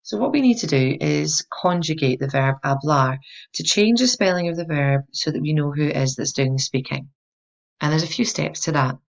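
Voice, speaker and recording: A woman teaching a language lesson, explaining clearly and patiently and encouraging the listener to repeat after her. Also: low voice, normal speed, highs cut off. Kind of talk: instructional explanation.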